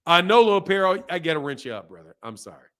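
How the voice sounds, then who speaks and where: A man hosting a boxing live stream, reading viewer comments and ranting in animated, slangy talk. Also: sits high, quick pace. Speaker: boxing channel host.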